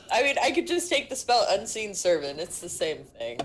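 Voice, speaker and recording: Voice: medium pitch, very animated, a little slow, fairly bright tone, slight background noise. A player at a tabletop game, reacting with short remarks and laughter in casual chat.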